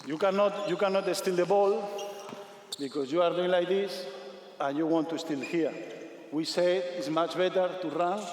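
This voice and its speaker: Male coach, energetic drill commands, faint ball bounces under roomy arena reverb. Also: high-pitched, normal speed, a little hiss or hum. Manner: energetic, repetitive commands, non-native English. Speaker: basketball coach. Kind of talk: on-court coaching demonstration. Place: large sports arena. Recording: echoey arena from a distance.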